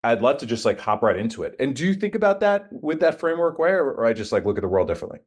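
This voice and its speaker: A man from Staten Island co-hosting a business podcast, talking in a relaxed, anecdotal way. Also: medium pitch, rapid-fire, slightly rough. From Staten Island, New York. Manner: relaxed, storytelling, many fillers and restarts. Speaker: podcast co-host. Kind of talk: casual conversational podcast chat.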